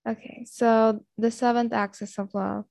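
A woman reflecting on a devotional reading and reading aloud, halting now and then. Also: on the high side, little pitch movement, creaky, darkish tone, dry recording, studio quality. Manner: halting, with fillers and restarts.

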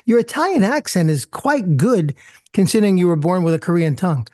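A man hosts with a high, quick voice, friendly and chatty. He often repeats his first words as he gets going, and the recording is dry and close. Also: lively intonation, a little mellow, no room sound. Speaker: host. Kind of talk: casual talk show hosting.

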